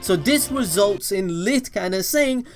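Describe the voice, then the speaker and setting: A man hosting a casual manga review channel, talking in an energetic, enthusiastic and rambling way. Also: a little high, moderate pace, over music. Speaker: anime channel host.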